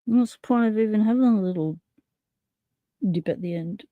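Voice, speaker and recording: A woman's voice: mid-range voice, normal speed, dry recording, narrow, tinny audio. A woman hosting a casual live stream, chatting and narrating as she works with her hands and reads comments aloud. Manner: chatty, narrating while tinkering, reading chat aloud. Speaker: livestream host.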